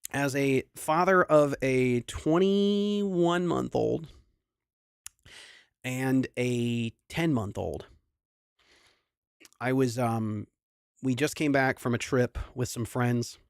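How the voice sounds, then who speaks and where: A man's voice: medium pitch, slow pace, creaky, long pauses, smooth, dry recording, studio quality. A young adult man, a singer hosting a livestream concert, chatting casually and rambling through a sentimental story with many restarts.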